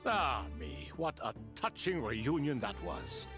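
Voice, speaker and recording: A man's voice: medium pitch, wildly swooping pitch, slow pace. An actor playing a courtly male retainer spirit in a video game, speaking formally with a sigh. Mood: wry. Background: game music.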